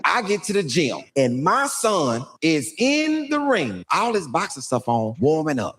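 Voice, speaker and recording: Animated man telling a comic story. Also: a little high, a little slow, hardly any pauses, long reverb tail, faint music behind. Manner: animated, boastful, acts out all the voices. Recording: noisy recording.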